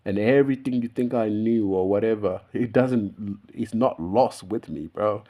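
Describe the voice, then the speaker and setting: Rambling low-voiced young man. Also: normal speed, warm tone. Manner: loose, meandering, laughs often, swears casually. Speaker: YouTuber. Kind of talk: unscripted rambling monologue.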